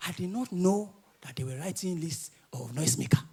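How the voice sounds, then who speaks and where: A man with a Nigerian accent doing live stand-up comedy, telling stories with animated delivery and often laughing through his lines. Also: high-pitched, fairly quick, hardly any pauses, breathy edge.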